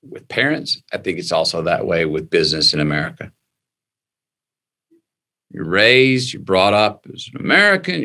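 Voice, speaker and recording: A man speaking as a guest in an interview, animated and emphatic, acting out the voices of people he quotes. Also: low voice. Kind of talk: conversational interview.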